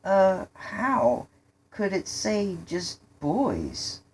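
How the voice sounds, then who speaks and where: Woman doing a careful kid asking why, a bit higher, unsure. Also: huge pitch swings, extremely slow, a little mellow, slight background noise, full character voice, poor audio. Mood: puzzled. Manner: puzzled, questioning. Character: cautious questioning young boy.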